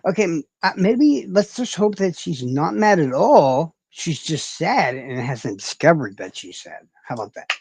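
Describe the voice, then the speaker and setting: A man chatting on his livestream in a rambling, profane, self-mocking way. His voice sits a little high and swings widely in pitch. The sound is dry and close, with little room tone. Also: very animated, unhurried, hardly any pauses, a little mellow, slightly rough, dry recording. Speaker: livestream host. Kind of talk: casual livestream chat.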